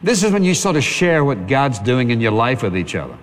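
A pastor preaching a sermon in a plain-spoken, conversational way, piling up repeated phrases for emphasis. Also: male voice, medium pitch, sing-song, a little fast, in a large hall.

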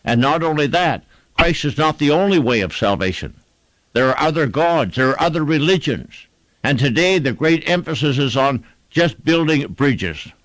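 Man, preacher, sermon, emphatic repetition, animated pitch, dry close sound. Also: no echo. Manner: emphatic, rhythmic repetition, old-fashioned preaching cadence.

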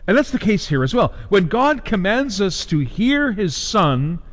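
A man preaching a sermon, emphatic and deliberate, posing questions to his listeners. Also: sits high, sing-song, fairly bright tone, in a large hall.

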